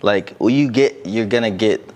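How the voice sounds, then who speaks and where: A man's voice: on the low side, moderate pace, darkish tone. A man co-hosting a podcast, talking frankly and casually about dating, with the occasional swear word. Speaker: podcast co-host.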